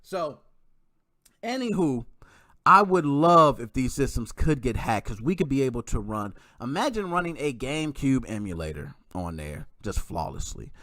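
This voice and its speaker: A man hosting his own gaming channel, chatting casually and reading out viewer comments in a joking, slangy way with quick laughs. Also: medium pitch, sing-song, sharp tone, dry recording, studio quality.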